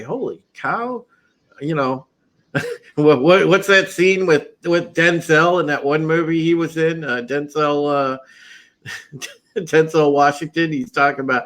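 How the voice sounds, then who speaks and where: A man's voice: fairly high pitch, fairly bright tone. A man co-hosting a live movie review, blunt and profane as he agrees and complains. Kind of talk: heated live review chat.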